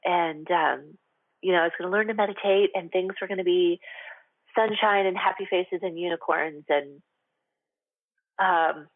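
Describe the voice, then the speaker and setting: A woman's voice: lowish voice, moderate pace, long pauses, no room sound. Chatty woman host on a tinny line. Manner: chatty and confessional, heavy with "like" and "um". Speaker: radio show host. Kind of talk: candid solo talk on a radio show. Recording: tinny phone-line sound, dry.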